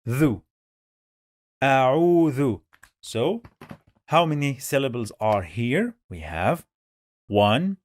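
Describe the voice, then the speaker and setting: Slow, patient man teaching pronunciation. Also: mid-range voice, no echo, studio quality. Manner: patient, repeats sounds many times. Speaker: Quran reading teacher. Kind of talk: slow step-by-step language lesson.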